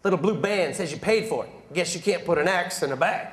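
Energetic high-voiced stand-up comedian. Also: male voice, fairly quick. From North Carolina. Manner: energetic, animated storytelling with crowd asides. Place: comedy stage before a live audience. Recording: roomy live venue with loud crowd laughter. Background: audience laughter.

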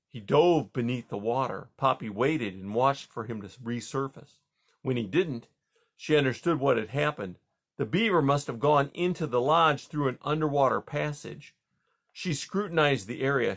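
A man reading a children's novel aloud in a slow, measured way. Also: medium pitch, fairly bright tone. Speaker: reader.

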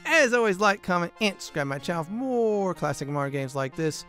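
A man's voice: sits high, very animated, a little fast, pushed and bright, soft background music. Casual man hosting a game playthrough. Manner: casual, rambling, many fillers. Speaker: gaming channel host. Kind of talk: let's play commentary.

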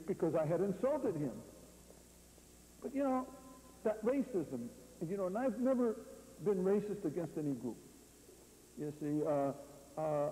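A man's voice: a little high, warm tone. A man from California giving a rambling, story-filled lecture to an audience, often tossing out rhetorical questions and "you see". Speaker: guest lecturer. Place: university lecture hall. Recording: reverberant hall, faint hum, poor audio.

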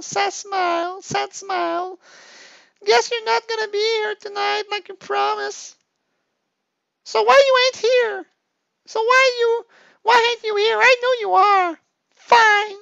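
A man voicing a clingy, whiny young woman in a comedic reading of chat logs, wailing and pleading in a high falsetto. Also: gravelly, fairly bright tone, dry recording, dull audio, full character voice. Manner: pleading, sobbing, drawn-out.

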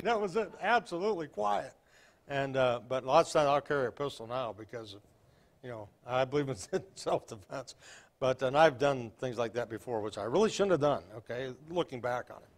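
An older man preaching a folksy Baptist sermon, telling stories and reading King James verses with emphasis. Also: medium pitch.

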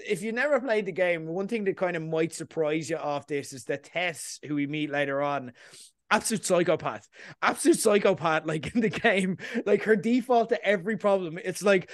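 A man hosting a casual podcast chat, talking in an animated way and often asking "you know what I mean". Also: high voice, fairly quick, no room sound, clean studio sound. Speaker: podcast host. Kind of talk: casual chat about a TV episode.

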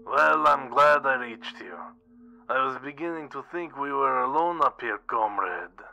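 A man's voice: mid-range voice, measured pace, gravelly, bright, forceful tone, dull audio, soft background music, pitched above the performer's own voice, full character voice. A man voicing a jovial Soviet cosmonaut commander talking over the radio in a horror story, hearty and concerned. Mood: friendly.

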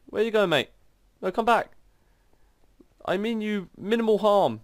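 Excitable man, high and dry. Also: measured pace, dry recording. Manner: excitable, exclaiming at the game. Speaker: gaming channel host. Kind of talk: gameplay commentary.

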